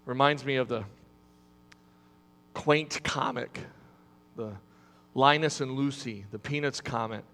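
A man preaching a sermon as pastor, with dramatic pauses and rising emphasis. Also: medium pitch, fairly even intonation, fairly bright tone. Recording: long hall reverb.

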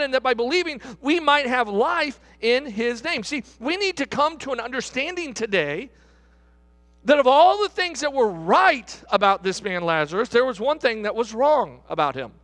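High-pitched pastor guy preaching, voice swoops all over, big echoey church hall. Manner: animated preaching with repeated restarts and rhetorical asides. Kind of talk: sermon. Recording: reverberant hall.

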